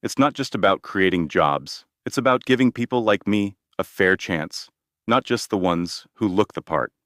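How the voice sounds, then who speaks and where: A man reading the lines of a determined, frustrated young woman, in a sharp but steady manner. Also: lowish voice, moderate pace, no room sound, clean studio sound. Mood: defiant. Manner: sharp, steady, pushes back.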